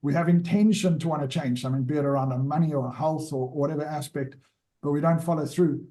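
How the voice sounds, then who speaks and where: A man's voice: fairly high pitch, fairly even intonation, fast, warm tone. A man hosting an interview, talking loosely and restarting his sentences as he asks a question. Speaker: interview host. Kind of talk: casual interview.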